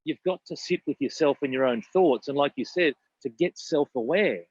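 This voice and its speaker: Man, business coach, emphatic chat, slightly high voice, dull dry sound. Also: normal speed, a little mellow, breathy edge, no room sound. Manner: emphatic, repeats words and says "right?". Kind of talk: casual podcast chat.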